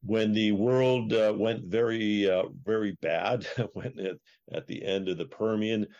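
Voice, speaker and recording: A man co-hosting a podcast, talking casually and haltingly with many fillers. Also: lowish voice, fairly even intonation, darkish tone, highs cut off. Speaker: podcast co-host.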